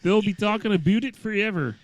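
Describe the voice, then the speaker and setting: A man's voice: high voice, brisk, no room sound, pitched above the performer's own voice, lightly acted. A man voicing a Canadian police officer quoted in a news story, in a put-on Upper Midwest US accent. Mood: folksy.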